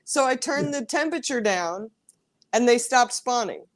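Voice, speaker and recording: A woman's voice: a little high, expressive, moderate pace. Chatty woman hosting a casual stream. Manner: chatty, rambling, upbeat. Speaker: host. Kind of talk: casual livestream chat.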